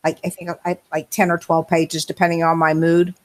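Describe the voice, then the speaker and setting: A woman on a casual gaming chat show, chatty and quick to laugh as she tells anecdotes. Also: deep voice, monotone. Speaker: podcast co-host.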